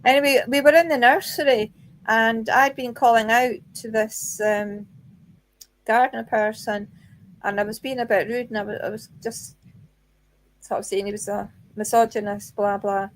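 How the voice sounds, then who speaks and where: A woman on a casual paranormal chat show, telling an animated story and acting out the voices in it. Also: a little high, normal speed. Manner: animated, quotes voices in her stories. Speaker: paranormal investigator.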